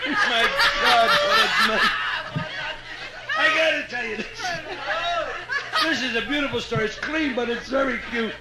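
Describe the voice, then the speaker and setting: A man with a Brooklyn accent doing live stand-up in a brash, punchy way on a hotel nightclub stage. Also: very high-pitched. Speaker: stand-up comedian. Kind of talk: live stand-up joke telling. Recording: echoey live room with crowd noise.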